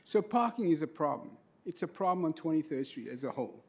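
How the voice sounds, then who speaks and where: A middle-aged man speaks into a podium microphone at a county meeting. He talks in an earnest, emotional way and lays out details, and his voice sits a little high for a man. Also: big pitch swings, fast, vocal fry, darkish tone, husky. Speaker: public commenter, trustee of local business property. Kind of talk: public comment at a county meeting. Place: county board meeting room.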